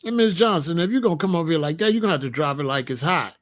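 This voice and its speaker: A man's voice: fairly high pitch, lively intonation, racing. A man hosting a casual talk show and giving blunt, joking advice on marriage, acting out little scenes as he goes. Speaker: host.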